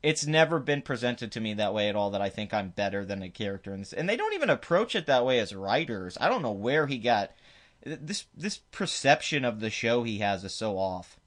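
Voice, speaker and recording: A man's voice: lowish voice, sing-song, brisk. A man hosting his own commentary video, ranting emphatically and dismissively with frequent restarts. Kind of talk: opinionated commentary rant.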